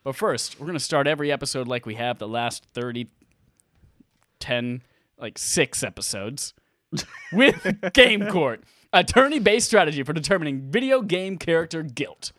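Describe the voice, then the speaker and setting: A man with a bright, slightly raised voice hosts a casual live podcast, joking and swearing with lots of energy. His pitch swings widely as he riffs. The sound is close and dry, as from a headset mic at a desk. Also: normal speed, dry recording. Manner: energetic, crude and joking, laughs often. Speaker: podcast host. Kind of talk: casual livestream podcast chat.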